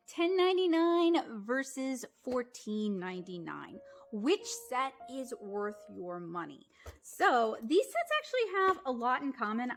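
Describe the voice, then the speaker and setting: A woman's voice: fairly high pitch, a bit bright. Chatty woman reviewing art supplies. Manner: chatty, frank opinions, small laughs. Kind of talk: casual product review.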